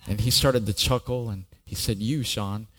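A middle-aged pastor tells his own story in a sermon of personal testimony, speaking earnestly and often repeating a word as he begins a thought. His fairly low voice is steady in tone and a bit bright, at a normal speed.

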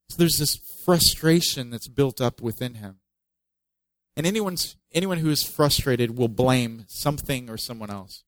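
A man's voice: mid-range voice, measured pace, no echo, rough recording. Conversational male pastor, dry close sound. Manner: conversational, joking asides, reads scripture with emphasis. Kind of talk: sermon.

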